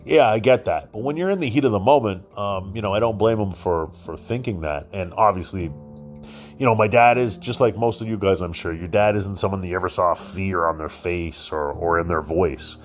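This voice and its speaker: A man's voice: deep voice, moderate pace, faint music behind. A male podcast host telling a personal story casually, rambling and swearing, with lots of fillers and restarts.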